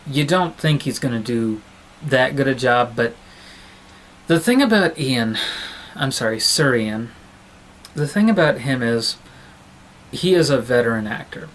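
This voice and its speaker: A man's voice: mid-range voice, slight background noise, rough recording. A man giving a casual film review on his vlog, talking in a rambling, digressive, chatty way.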